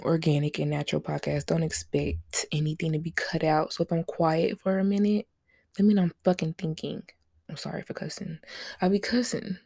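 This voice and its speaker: Young woman host, AAVE, loose and joking, low husky gravelly voice, dry close sound. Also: mellow, dry recording. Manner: loose, joking, cusses and laughs. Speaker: podcast host. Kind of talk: casual solo podcast chat.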